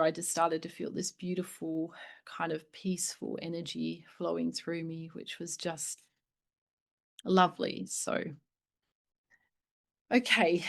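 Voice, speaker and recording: Soft, slow-spoken woman reading meditatively. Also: fairly low pitch. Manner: soft, gentle, hushed, at times breathy near a whisper. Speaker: host reading a spiritual book aloud.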